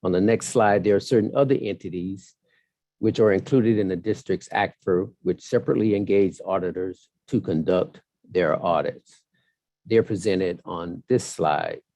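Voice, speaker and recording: Man, deep and warm-toned, formal measured presenter of audit results. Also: no echo. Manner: measured, formal, with some fillers. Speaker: audit firm partner presenting. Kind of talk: formal presentation at a council hearing.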